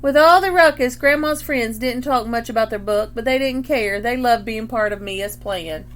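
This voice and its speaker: A woman's voice: fairly high pitch, moderate pace. Woman reading a picture book aloud. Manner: expressive, stops to ask questions and point at pictures. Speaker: read-aloud reader.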